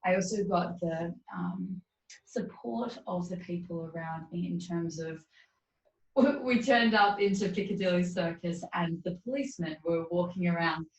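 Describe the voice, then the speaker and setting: Brief: woman interviewee, earnest and animated storyteller, heard from a distance on a muffled line. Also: fairly low pitch, unhurried, slight background noise. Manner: earnest, animated retelling with quoted dialogue. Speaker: guest. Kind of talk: storytelling in conversation. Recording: dull roomy distant sound.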